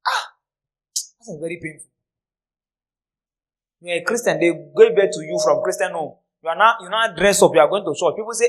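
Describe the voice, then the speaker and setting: Male preacher, high voice, dry close sound, storytelling and scolding with loud bursts. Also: expressive, moderate pace, pauses often, no echo, poor audio. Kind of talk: sermon.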